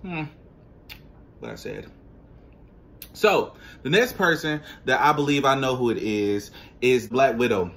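A man hosting a casual reaction vlog, speaking straight to his viewers in an animated, slangy way. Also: mid-range voice, normal speed, few pauses. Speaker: vlogger.

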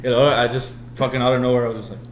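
Fast-talking man in an echoey room. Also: mid-range voice, slight background noise. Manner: animated storytelling, swears a lot, acts out his younger self. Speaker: podcast co-host. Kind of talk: casual chat.

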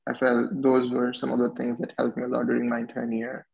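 Doctor guy on a panel, flat gravelly voice, lots of um, muffled lo-fi sound. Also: medium pitch, fairly quick. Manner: hesitant, many ums. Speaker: physician guest. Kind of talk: panel discussion answer. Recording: dull lo-fi audio.

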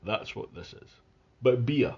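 A man giving a casual, chatty beer tasting review at home, describing the beer in relaxed detail. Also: mid-range voice, unhurried, vocal fry, muffled recording. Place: at home near his Christmas tree.

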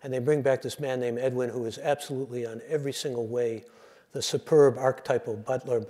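A man's voice: medium pitch, steady tone, fairly quick, mellow. A man, a radio host, giving a lecture that moves from joke to joke in a conversational, digressive way. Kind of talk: storytelling lecture with jokes.

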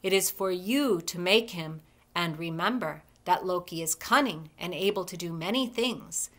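A woman's voice: on the low side, moderate pace, close to an everyday voice. A woman voicing a stern old father god. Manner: grave, authoritative.

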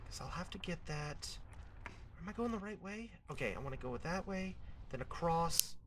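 High-voiced man muttering over gameplay. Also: expressive, moderate pace, noisy background. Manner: talks to himself, fretting then hyping himself up; mock-dramatic shouting at game troops. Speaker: gameplay commentator. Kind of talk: let's play commentary. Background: game music.

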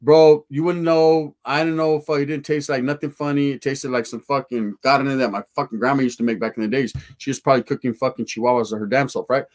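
A man's voice: medium pitch, steady tone, fast, hardly any pauses. A man telling a profane, slangy street story to his live chat.

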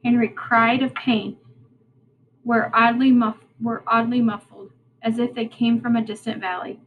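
A woman teacher reading a novel aloud to her class, unhurried and plain, with small slips and restarts. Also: a little high, flat delivery, phone-quality sound, slight background noise.

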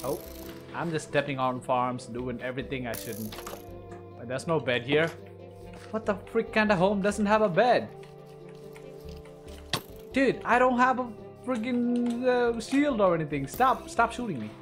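An excitable young man chatting his way through a game. His pitch leaps all over the place, from low mutters to sudden shrieks, with faint music playing underneath. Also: unhurried, pauses often. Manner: excitable, bursts into loud yelps and cheers between mumbled asides. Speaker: gaming commentator. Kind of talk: casual let's-play commentary.

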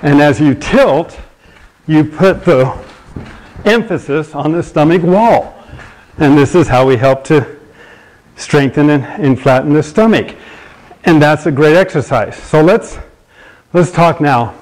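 A man's voice: on the high side, takes it slowly, pauses often, darkish tone, rough recording. Man in his sixties demonstrating exercises. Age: 60s. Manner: explains while demonstrating exercises on a rebounder. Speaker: fitness show host. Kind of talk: live demonstration and Q&A.

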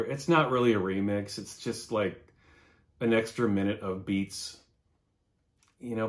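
Chatty man reviewing records. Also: fairly low pitch. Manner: enthusiastic, chatty, swears casually. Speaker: music vlogger.

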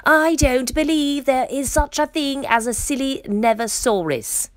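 A woman's voice: fairly low pitch, big pitch swings, normal speed, no echo. A woman voicing a small, brave boy rhinoceros who talks boldly and stubbornly. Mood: determined. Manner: bold, stubborn.

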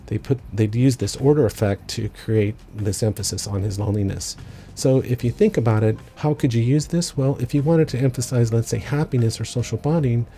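A man with a fairly low, warm and relaxed voice teaches a filmmaking lesson. He explains things step by step in a thoughtful way and drops in casual asides. Faint music plays behind him. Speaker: film school instructor.

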